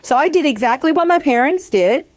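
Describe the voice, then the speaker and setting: A middle-aged woman on a panel, speaking with frank, earnest candor. Her voice sits somewhat high, and the sound is close and dry, with no room echo. She talks loosely and often restarts her sentences. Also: animated, a little fast. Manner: candid, earnest, confessional; conversational with frequent restarts. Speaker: panelist, community program leader. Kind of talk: panel discussion talk.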